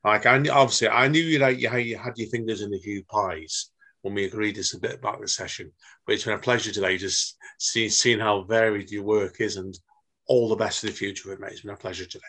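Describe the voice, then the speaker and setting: A man's voice: fairly low pitch, fairly even intonation, a little fast, sharp tone. A British man hosting a podcast, friendly and rambling, calling his guest "mate". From Britain. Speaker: podcast host. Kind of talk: casual chat.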